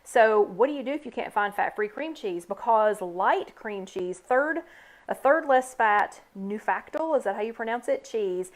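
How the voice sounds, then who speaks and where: A woman's voice: a little high, lively intonation, moderate pace. A woman hosting a live online chat, casually demonstrating a recipe and talking to viewers by name in an upbeat, chatty way. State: hiccups. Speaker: host. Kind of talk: live cooking demo chat.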